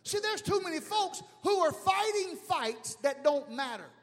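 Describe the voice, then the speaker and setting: Pastor, man, high lively voice, humorous preaching that swells to shouts, in a reverberant hall. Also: measured pace. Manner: animated, humorous, shouting at peaks. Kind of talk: sermon.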